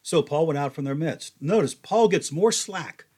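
Older man, husky voice, folksy bible teaching, animated quoting. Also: a little high, normal speed.

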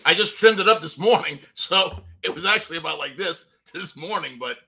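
A man co-hosting a casual sports podcast, quick to joke and to make predictions. His voice sits a little high and rings very bright and sharp. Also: husky. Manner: animated, joking. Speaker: podcast co-host.

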